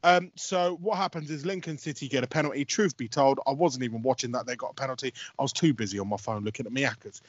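A man's voice: medium pitch, fast talker, few pauses, dry recording. A man who works as a football radio commentator. He tells a story in casual podcast chat, rambling, laughing and swearing, with many restarts, and he has a cold. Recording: dull lo-fi audio.

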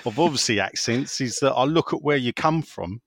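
A man's voice: mid-range voice, lively intonation, brisk, a bit bright, dry recording. A man co-hosting a podcast in casual chat, joking about himself, laughing often and reading out listener comments. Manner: jokey and self-mocking, laughs often. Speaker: podcast co-host.

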